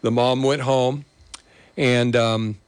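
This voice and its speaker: A middle-aged male chiropractor speaks slowly in a clean, mid-range voice with fairly even intonation, and there's no echo. He gets emotional and chokes up reading a patient's thank-you letter, then tells the story behind it while enthusiastically promoting his practice.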